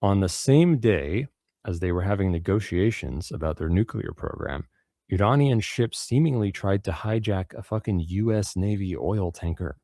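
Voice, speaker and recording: A man with a very low voice talks through the news in a loose, rambling way. He swears freely and trips over restarts and fillers. His voice sounds close and dry. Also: animated, normal speed, warm tone, no echo. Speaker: radio show host. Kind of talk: casual news commentary.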